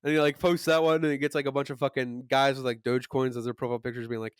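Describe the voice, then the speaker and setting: A man's voice: mid-range voice, level tone, very fast, hardly any pauses, smooth, no echo. A man co-hosting a podcast, in casual, joking chat with mocking put-on quotes. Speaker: podcast co-host.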